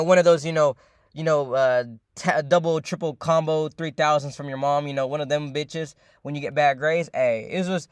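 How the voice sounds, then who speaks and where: With a fairly high-pitched voice, a young man rambles through a lengthy, casual story, cursing, repeating himself, and using plenty of fillers. He frequently addresses the audience as "ladies and gentlemen." It's a dry recording of studio quality.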